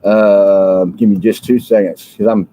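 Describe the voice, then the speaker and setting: Speaking a little slowly in a fairly low, steady, mellow voice, a U.S. livestream host who has just woken up delivers a drowsy political rant. He gets fiery and repeats himself, stumbling through fillers and restarts, and the audio is poor.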